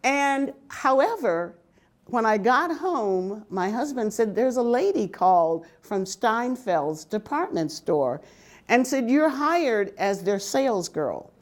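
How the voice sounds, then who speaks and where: An older woman telling stories from her working life, humorous and lively, often laughing. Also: a little high, slow. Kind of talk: personal storytelling talk.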